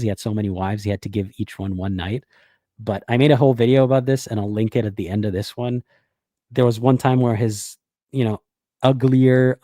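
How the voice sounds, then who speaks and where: A man's voice: fairly low pitch, mellow, no echo, clean studio sound. A man giving blunt, sarcastic reaction video commentary, swearing freely and restarting phrases as he thinks aloud. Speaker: YouTube commentator.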